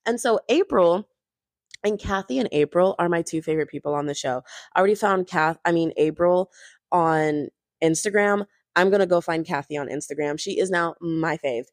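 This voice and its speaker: A woman's voice: on the low side, normal speed, no room sound. A young woman recapping a reality show in a gossipy, chatty way, full of casual fillers. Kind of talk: casual chat.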